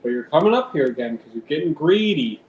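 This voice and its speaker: A man's voice: fairly high pitch, sing-song, fast, a little mellow. A man rambling casually on a live stream at home, swearing now and then and talking to his cat. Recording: roomy with faint background noise.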